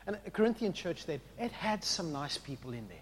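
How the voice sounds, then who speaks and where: A man preaching a sermon, with an impassioned delivery that swings from quiet reflection to loud exclamation. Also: on the high side, sing-song, fairly quick, slight background noise. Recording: long hall reverb.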